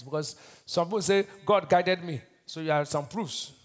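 A man's voice: on the high side, normal speed, hardly any pauses. Nigerian pastor quizzing his congregation. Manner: call-and-response, quizzing the congregation; swings between loud declarations and hushed lines. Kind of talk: sermon.

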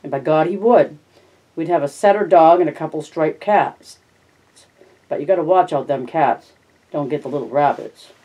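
A reader doing a tired ranch hand, drawling in a plain rural way about the land he hopes to own. The pitch sits in an ordinary middle range, and the telling is steady and low-key, as in a novel read aloud. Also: moderate pace, muffled recording, close to an everyday voice. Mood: rapt. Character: rancher dreaming of owning land, a weary working man.

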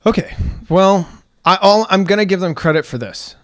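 Lively rambling male podcast host. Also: high-pitched, moderate pace, no echo, clean studio sound. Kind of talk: casual chat.

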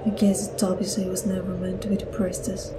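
A woman voicing a timid young shrine girl in a game, in a breathy whispered role-play over background noise. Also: fairly low pitch, flat delivery, fairly quick, lightly acted. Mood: hushed.

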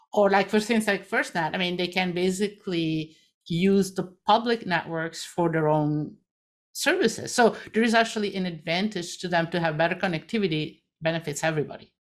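A woman moderating a live webinar discussion, talking in a halting way with many fillers. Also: fairly low pitch. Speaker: panel moderator.

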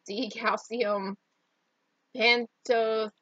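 A woman's voice: a little high, level tone, takes it slowly, fairly bright tone, no room sound, lo-fi sound. A woman with a Southern country accent reading out a shake's ingredient list, stumbling over long words and laughing at herself. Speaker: co-host reading an ingredient label. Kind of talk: casual chat.

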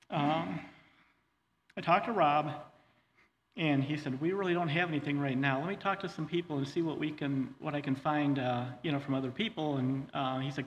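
A middle-aged man telling his personal testimony in a church, earnest and halting, with many fillers and restarts. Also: fairly high pitch, muffled recording. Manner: earnest, says he gets choked up. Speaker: guest speaker sharing his testimony. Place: church hall. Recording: long hall reverb, faint ambience.

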